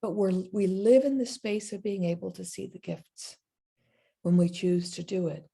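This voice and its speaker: Woman minister preaching, gravelly low-key mellow voice, storytelling into calm prayer. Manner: storytelling, then slow meditative prayer. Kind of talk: sermon.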